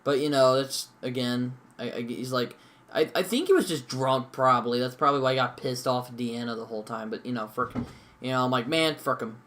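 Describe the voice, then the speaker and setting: A man's voice: mid-range voice, a little fast, a bit bright. A young man giving a casual, rambling review of a TV episode, full of fillers and mild swearing. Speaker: show reviewer.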